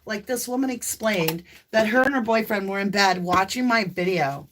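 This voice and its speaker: A talkative woman with a light Southern US accent hosts a live tarot stream, rambling easily and laughing often. Her voice sits at a middle pitch, and she breaks into loud whoops. A faint hiss and some clicks sit behind her. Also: normal speed. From American South. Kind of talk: casual live-stream chat.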